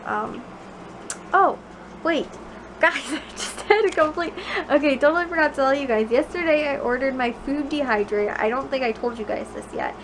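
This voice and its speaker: Young woman, vlogger, bedroom chat, rambling, lots of fillers, fairly high voice, noisy recording. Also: moderate pace. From Chicago suburbs, USA. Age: young adult. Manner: rambling, filler-heavy, with many "like"s. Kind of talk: casual chat to camera. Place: bedroom at home at night.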